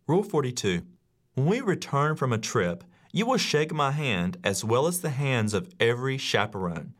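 A man reading his own classroom rules aloud in a measured, instructive audiobook narration. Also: medium pitch, sing-song. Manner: measured, instructive, acts out quoted lines.

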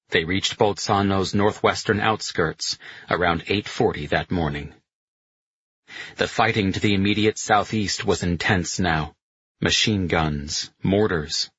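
An audiobook narrator, a man, reads a scripted war novel in a steady, measured way. His very deep, husky voice carries a forceful edge, and the recording is dry and slightly muffled.

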